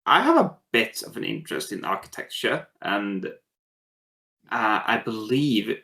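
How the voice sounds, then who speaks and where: A man's voice: lowish voice, a bit bright. A man playing his character at a tabletop game, talking wryly with fillers. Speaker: player. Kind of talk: tabletop role-play in character.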